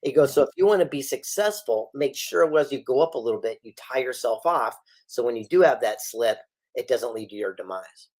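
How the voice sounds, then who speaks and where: Animated man telling stories. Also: mid-range voice, a little fast. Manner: animated storyteller acting out quoted dialogue. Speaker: guest author and speaker. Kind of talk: storytelling interview.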